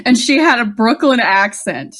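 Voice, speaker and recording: A woman's voice: on the high side, lively intonation, normal speed, a bit bright. A woman co-hosting a casual podcast, recapping an episode with frequent laughs and swearing. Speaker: podcast co-host. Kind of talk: casual rewatch chat.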